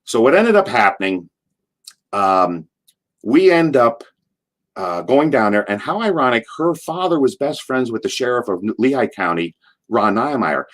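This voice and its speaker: An older man and former wrestler, a guest in an interview, spinning long anecdotes with lively restarts and repeated words. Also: medium pitch, measured pace. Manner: animated retelling with frequent restarts and repeated words. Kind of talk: anecdotal storytelling.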